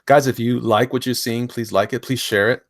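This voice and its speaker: A man's voice: medium pitch, fairly even intonation, fairly quick, no room sound, clean studio sound. A man hosting a casual live stream, jokey and chatty, reading viewer comments aloud and laughing often. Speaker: host.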